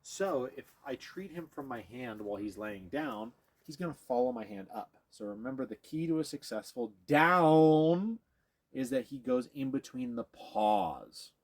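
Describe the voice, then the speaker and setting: This medium-pitched, expressive male voice moves a little slowly. As he works with a dog in a hands-on demonstration, he explains every step to viewers and now and then stops to praise or coax it.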